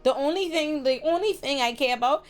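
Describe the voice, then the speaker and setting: A woman hosting a lively TV recap who jumps into the characters' voices as she retells scenes. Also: high-pitched, fairly quick, soft background music. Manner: expressive, acts out characters' lines. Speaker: host. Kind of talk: animated TV recap.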